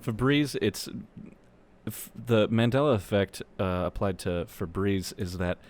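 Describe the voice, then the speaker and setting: A man co-hosting a podcast, steering the casual chat and cutting in with quick remarks. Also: on the low side, a little mellow, a little hiss or hum. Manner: leads the talk, quick interjections. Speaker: podcast co-host.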